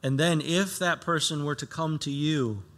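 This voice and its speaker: A pastor preaching a sermon, reading scripture aloud and explaining it earnestly, with emphatic raised lines and soft low asides. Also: male voice, normal speed.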